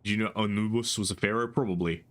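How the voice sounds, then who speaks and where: A man's voice: on the low side, steady tone, quick pace, fairly bright tone. A young man streaming live, chatting casually and rambling with frequent restarts and casual swearing.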